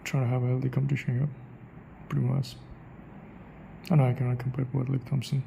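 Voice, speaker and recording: Gravelly, flat-voiced man musing aloud. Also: medium pitch, fast, a little hiss or hum, poor audio. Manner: muses aloud, repeats phrases to try them out. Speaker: accent practice vlogger. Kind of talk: thinking-aloud monologue.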